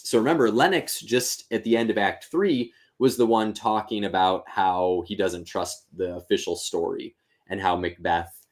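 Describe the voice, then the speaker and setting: A man's voice: low-pitched, moderate pace. A man hosting a live-streamed reading and commentary, talking casually and thinking aloud with fillers. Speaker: teacher and host.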